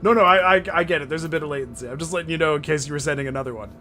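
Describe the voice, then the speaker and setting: A man's voice: a little high, rapid-fire, sharp tone. A man streaming a video game, chatting and joking with viewers in a loose, laughing way. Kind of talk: casual live-stream commentary. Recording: game music under the voice.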